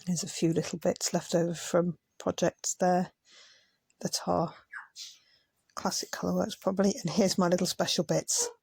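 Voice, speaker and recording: A woman's voice: fairly low pitch, fairly even intonation, moderate pace, vocal fry, a little mellow, slightly rough, dry recording. A tired woman chatting casually as a craft vlogger, muttering asides as she sorts things. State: tired, yawning. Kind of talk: casual commentary over sped-up footage.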